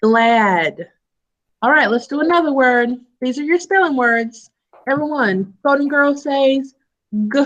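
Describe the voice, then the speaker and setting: A woman teaching a live online phonics lesson to young children over a video call, sounding out letters in a slow sing-song way. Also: sits high, fairly bright tone, highs cut off.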